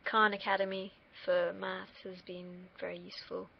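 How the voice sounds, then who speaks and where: A young British woman rambles casually on a livestream, wandering into tangents and swearing occasionally. Her voice is fairly low with little pitch movement and vocal fry, at a moderate pace. The dull lo-fi stream mic picks up slight background noise.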